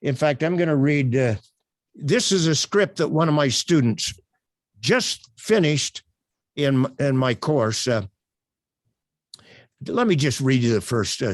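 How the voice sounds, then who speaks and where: Animated man teaching a webcam workshop. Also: mid-range voice, no echo, clean studio sound. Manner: animated, emphatic, with frequent uh fillers. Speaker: workshop instructor. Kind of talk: live online workshop teaching.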